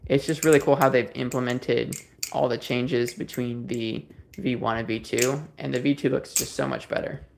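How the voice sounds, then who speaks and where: Male streamer, relaxed and rambling, reads and answers chat; voice has a gravelly edge. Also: medium pitch, normal speed, noisy background. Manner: rambling, easygoing, many fillers and restarts. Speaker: livestream host. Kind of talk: casual livestream chat, reading viewer comments.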